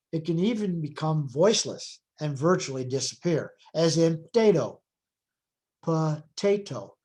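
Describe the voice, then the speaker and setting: A middle-aged man lecturing in a recorded class, his voice sitting a little high for a man. He explains step by step in a measured, patient way, pausing on fillers and rephrasing himself as he goes. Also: a little mellow. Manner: measured explanatory delivery with frequent self-corrections. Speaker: phonology lecturer.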